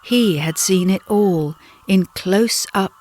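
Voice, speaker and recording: A British woman narrating her own memoir as an audiobook, telling it slowly and dramatically. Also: medium pitch, a little mellow, slight background noise. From Britain. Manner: slow, dramatic storytelling.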